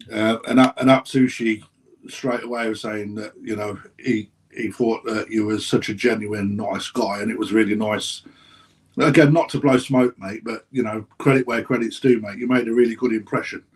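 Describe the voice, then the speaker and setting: A man from England with a husky voice chats as a guest on a live show. He hesitates and restarts a lot, but his tone stays friendly and full of banter. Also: mid-range voice, fairly even intonation, moderate pace, darkish tone. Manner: hesitant, friendly banter, says "mate" often. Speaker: guest, koi dealer. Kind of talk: casual live-stream chat.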